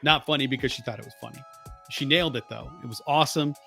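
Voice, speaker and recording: Bright-voiced man chatting casually. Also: medium pitch, fast talker, gravelly, soft background music. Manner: rambling storyteller, self-correcting. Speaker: podcast co-host. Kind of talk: casual chat.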